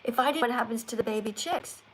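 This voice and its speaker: A woman's voice: fairly high pitch, quick pace, slight background noise, rough recording. An older woman hosting a live stream, talking like a strict teacher who corrects and lectures. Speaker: livestream host.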